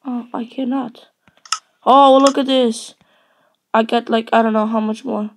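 A let's play host chats and rambles playfully while playing a building game, her fairly high voice fairly even in intonation and a little slow. There's slight background noise.

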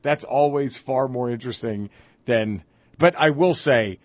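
A man, a comedian guest on a sports radio show, telling a story in an animated way and loudly mimicking rowdy fans, recorded on a close studio mic. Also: medium pitch, unhurried, no echo. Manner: excitable, shouts when quoting hostile fans.

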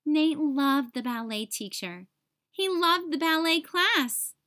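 A woman teacher narrating a children's picture book aloud, with expressive storytelling. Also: sits high, takes it slowly. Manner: expressive, sing-song storytelling.

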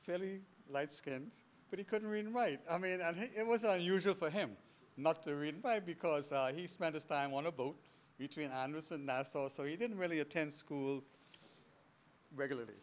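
Animated older Bahamian man telling stories. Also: fairly high pitch, normal speed, slight background noise. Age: 70s. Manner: animated, anecdotal, chuckling asides. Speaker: guest speaker. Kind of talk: storytelling history lecture. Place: lecture hall before an audience.

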